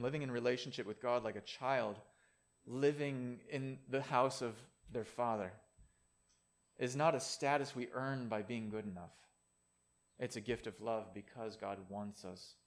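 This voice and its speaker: A man preaching a sermon in a conversational way, with playful asides. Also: mid-range voice.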